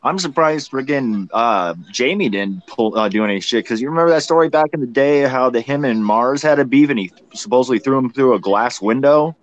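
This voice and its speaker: A man guesting on a podcast, chatting casually in a relaxed way with some hesitant restarts. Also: medium pitch, brisk, hardly any pauses, muffled recording. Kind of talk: casual chat.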